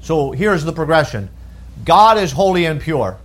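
A man's voice: a little high, very animated, normal speed. A man preaching a sermon, emphatic, often rising in force as he stresses a point and reading scripture aloud. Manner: reads scripture in old-fashioned wording.

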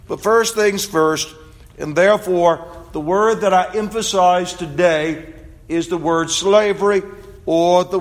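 Male pastor, high voice, unhurried, measured sermon delivery. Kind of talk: sermon with scripture reading. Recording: long reverb of a large hall.

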